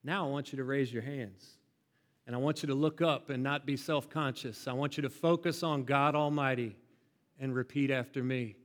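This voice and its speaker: A man preaching a sermon to his congregation, expressive and building to loud emphatic peaks. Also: mid-range voice, normal speed. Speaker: pastor. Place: church sanctuary. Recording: reverberant sanctuary hall.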